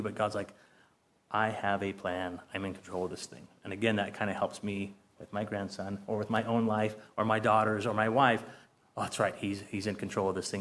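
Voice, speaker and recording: A man in his fifties leading a casual Bible study. He talks earnestly and from the heart, with plenty of fillers and restarts. He reads scripture aloud and puts questions to the group. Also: medium pitch.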